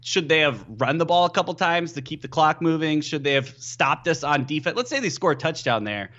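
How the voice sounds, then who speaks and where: A young man, a pro football player guesting on a podcast, telling stories excitably and leaning on "you know.". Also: fairly high pitch, a little fast, lo-fi sound. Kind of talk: casual podcast chat.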